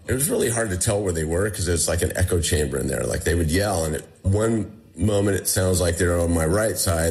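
A man recounting a personal ordeal in a conversational interview, acting out what others said. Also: sits low. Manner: animated retelling, acting out quoted dialogue. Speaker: guest telling his survival story. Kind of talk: conversational storytelling.

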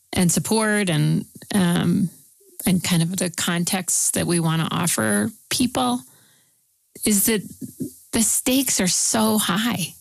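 Lower-voiced gravelly woman host. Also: no echo, rough recording. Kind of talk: reflective interview conversation.

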